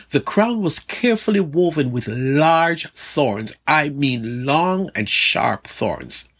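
A man's voice: medium pitch, fairly bright tone, husky. An older man, a pastor, telling a devotional sermon as a dramatic story for his daily podcast.

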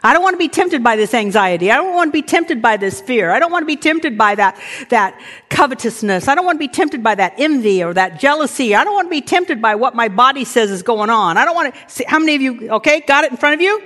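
A woman preaching a lively sermon, acting out inner voices and now and then shouting commands. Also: sits high, fast talker. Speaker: pastor. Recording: reverberant hall.

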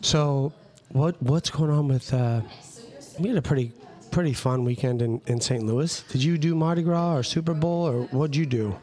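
A man's voice: fairly high pitch, moderate pace, mellow. A man co-hosting a casual podcast from a busy coffee shop, talking in a loose, rambling way with lots of fillers and restarts. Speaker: podcast co-host.

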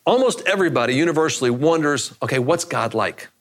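A man's voice: a little high, animated, fast. A man preaching a sermon in a conversational way, often repeating phrases for emphasis. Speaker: pastor.

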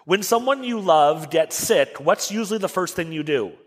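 A man preaching a sermon as a pastor, telling the story with animated rhetorical questions. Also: sits high, moderate pace, slightly rough, in a large hall. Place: church sanctuary.

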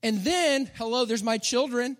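A pastor in his forties with a notably high voice preaches in a loose, joking, conversational way. He keeps turning to the room with quick "right?" asides. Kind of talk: sermon.

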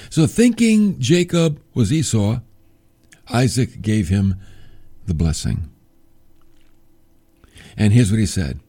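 A man leads a casual Bible lesson, reading scripture and breaking off for chatty, joking asides. His voice rises and falls a lot as he tells the story. The tone is warm and mellow rather than bright. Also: lowish voice, animated, takes it slowly, pauses often. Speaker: Bible teacher.

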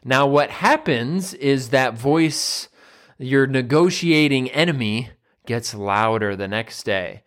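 A man's voice: medium pitch, animated, slow pace, fairly bright tone. A man, a nutrition coach and personal trainer, giving a casual motivational monologue and acting out the voices he quotes.

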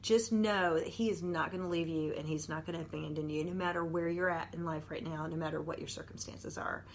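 A woman's voice: sits low, fairly even intonation, a little fast, a little hiss or hum. A woman, a nurse and mother telling a personal story as an earnest, conversational devotional talk.

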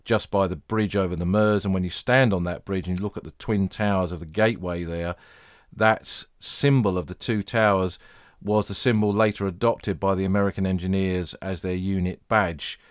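Deep-voiced English man telling history. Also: no room sound, clean studio sound. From England. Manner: measured storytelling, anecdotal. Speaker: podcast host, battlefield historian. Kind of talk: podcast narration, guided tour talk.

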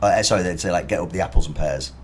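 A young man with an English accent and a very low, deep voice chats casually on a podcast. He explains things in a playful, teasing way. A faint hiss sits under the recording. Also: very fast. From England. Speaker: podcast co-host. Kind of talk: casual chat. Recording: faint background noise.

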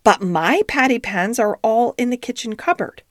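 A woman's voice: a little high, lively intonation, moderate pace, no room sound, clean studio sound, close to an everyday voice. A woman voicing a proper, hospitable female cat in a storybook reading. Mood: brisk.

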